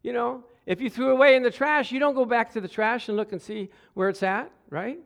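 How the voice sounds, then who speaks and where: A man's voice: very high-pitched, fairly even intonation, fairly quick, gravelly, a bit bright. A middle-aged man preaching a sermon, telling stories with stammered repeats and bursts of laughter. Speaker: pastor. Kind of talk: sermon with storytelling.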